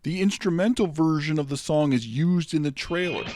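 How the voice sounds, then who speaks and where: A man's voice: a little high, normal speed, over loud music. A man hosting a comedic review show, ranting about movies in a sarcastic, grumbling way. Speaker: host.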